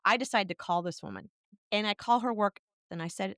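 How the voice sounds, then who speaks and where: Smooth-voiced woman telling a candid story. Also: mid-range voice, expressive, fairly quick, no echo, clean studio sound. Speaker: podcast co-host. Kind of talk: personal storytelling conversation.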